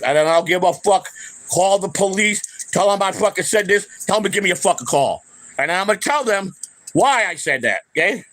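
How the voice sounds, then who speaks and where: On a rough recording, an older man with a medium-pitched, fairly bright voice rants furiously to the camera on his own channel. The unscripted tirade is profane and confrontational, and he keeps repeating himself and trailing off to restart.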